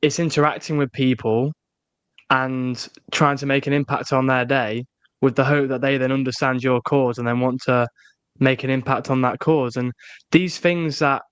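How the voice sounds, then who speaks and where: A man's voice: medium pitch, steady tone, moderate pace, clean tone, dry recording. A young man co-hosting a casual podcast, encouraging his friend and restarting his phrases as he talks. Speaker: podcast co-host. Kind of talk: casual chat.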